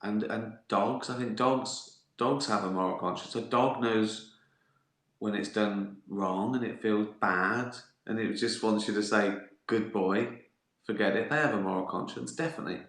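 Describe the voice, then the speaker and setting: A man's voice: lowish voice, normal speed, fairly bright tone, echoey room. A man hosting a casual live-stream Q&A, reading out viewer questions and answering them with jokes and swearing. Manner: sweary, jokey and teasing.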